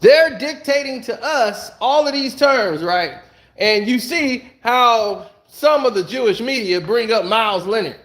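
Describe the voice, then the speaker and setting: A man with a very high voice for a man tears into a heated solo rant from home. He talks bluntly and angrily and keeps throwing out rhetorical questions. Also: lively intonation, measured pace, a bit bright. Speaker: online commentator.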